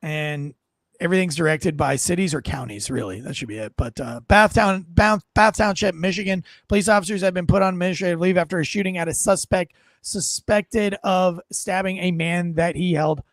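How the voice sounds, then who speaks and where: Man, podcast host, gravelly voice, slightly high pitch, rambling casual chat, dry close mic. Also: fairly quick, no echo. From North Carolina. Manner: rambling, animated, self-deprecating.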